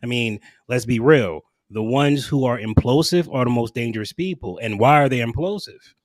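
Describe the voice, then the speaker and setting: A man's voice: mid-range voice, normal speed, no room sound, studio quality. Emphatic man hosting a podcast discussion. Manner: emphatic, repeats phrases for effect. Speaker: podcast host. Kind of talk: casual group discussion.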